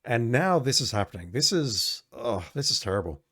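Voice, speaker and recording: Male let's-play host, sarcastic and exasperated, very animated, close dry sound. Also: medium pitch, moderate pace, dry recording. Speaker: gamer playing a retro game.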